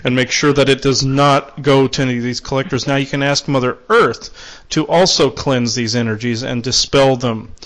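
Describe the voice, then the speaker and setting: A man hosting a spiritual call-in show, relaying messages in a halting way with many restarts. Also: mid-range voice, fairly even intonation, a bit bright. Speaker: call-in show host and channeler.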